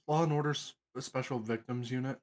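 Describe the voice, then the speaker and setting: A man chatting casually with friends as a game player, getting animated and swearing when riled up. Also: medium pitch, normal speed. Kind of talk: casual group chat.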